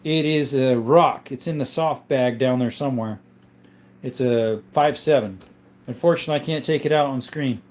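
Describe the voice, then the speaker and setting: A man's voice: medium pitch, moderate pace, darkish tone. A man hosting a casual gun livestream, reading viewer comments aloud and answering them loosely with frequent fillers. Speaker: livestream host of a gun channel.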